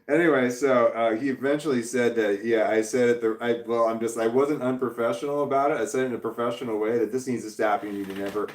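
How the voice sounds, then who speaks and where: A man's voice: medium pitch, roomy sound. A man on a casual livestream, ranting heatedly and swearing, with laughs between sentences. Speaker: vlogger.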